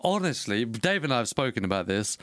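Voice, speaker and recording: A man co-hosting a podcast in relaxed, sweary casual chat, laughing often. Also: medium pitch, brisk, no echo, clean studio sound. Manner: laid-back, swears freely, laughs often. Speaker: podcast co-host.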